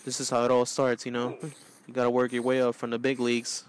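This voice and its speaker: Man, mid-range voice, goofy excitable game commentary, yells out a lot, faint background noise. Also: medium pitch, fast. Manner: goofy, excitable, often yelling out. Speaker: gaming channel host. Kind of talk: let's play commentary.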